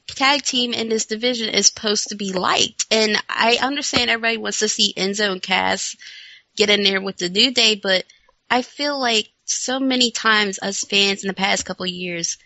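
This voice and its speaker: A woman's voice: fairly high pitch, pushed and bright, no room sound. A woman co-hosting a wrestling podcast in casual chat, enthusiastic and blunt, laughing often. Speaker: returning co-host. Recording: dull lo-fi sound.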